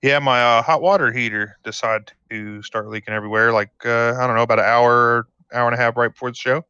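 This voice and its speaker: A man co-hosting a casual podcast livestream, relaxed and easygoing. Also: mid-range voice, a little fast, clear, resonant tone, no echo. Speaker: podcast co-host. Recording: dull lo-fi stream audio.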